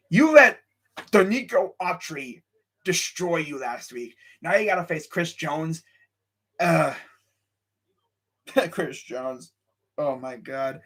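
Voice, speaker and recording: An excitable young man talks his sports picks on a casual live stream, reacting to the chat as he goes. His voice sits a little higher than most men's, and he swings between amused disbelief and hyped-up excitement. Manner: excitable, animated, lots of sighs and laughs; reads live chat while talking. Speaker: sports show host.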